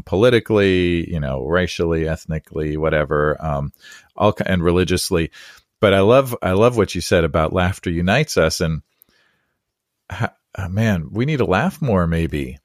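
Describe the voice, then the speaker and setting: A pastor hosting a relaxed podcast talk, telling meandering stories in a low, unhurried voice. He chuckles often and circles back on his words. The sound is dry and close. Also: no echo. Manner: rambling storyteller who acts out quotes and laughs easily. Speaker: podcast host and Presbyterian pastor. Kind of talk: conversational interview. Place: San Diego area.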